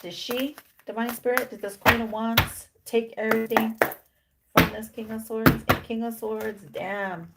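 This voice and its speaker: A woman's voice: a little high, steady tone, unhurried, creaky, very noisy. Woman giving an emphatic tarot reading. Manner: drops in Spanish slang words; acts out imagined dialogue of the cards' figures. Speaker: tarot reader. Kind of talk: casual tarot reading to camera.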